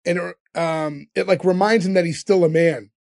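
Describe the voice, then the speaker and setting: A man's voice: sits high, fairly even intonation, moderate pace, vocal fry, a little mellow. A man hosting a casual podcast, recapping scenes with lots of ums. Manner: recaps scenes with filler ums and quoted lines. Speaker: podcast host recapping episodes.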